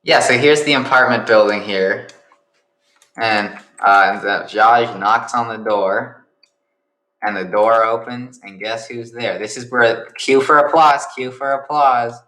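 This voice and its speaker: A man's voice: lowish voice, fairly even intonation, unhurried, bright, forceful tone. A young man improvising the narration of a fan story, rambling with joking asides.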